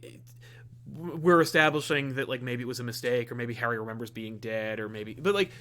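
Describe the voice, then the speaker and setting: A man's voice: medium pitch, brisk, sharp tone. A man co-hosting a comic review podcast, talking casually in a rambling way with lots of fillers and restarts. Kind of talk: casual chat.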